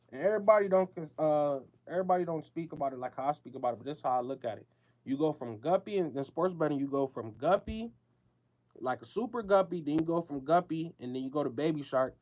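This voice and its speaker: A man's voice: mid-range voice, darkish tone. A man hosting a show, talking in a casual, emphatic, slangy monologue with a lot of repetition.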